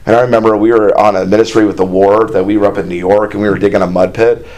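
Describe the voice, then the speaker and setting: A man's voice: on the low side, fast. Male preacher, folksy and conversational, voice lifts when he reads scripture. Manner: folksy, conversational, with plain asides and imagined dialogue; reads scripture aloud in a raised, more animated voice. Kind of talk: sermon.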